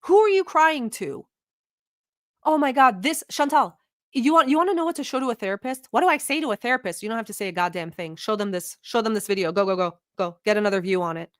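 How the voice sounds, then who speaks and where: A woman's voice: medium pitch, fast talker, no echo, clean studio sound. Blunt, swearing woman reacting to a video. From Middle East. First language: not English. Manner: blunt, profane, animated. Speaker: vlog host. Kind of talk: reaction commentary.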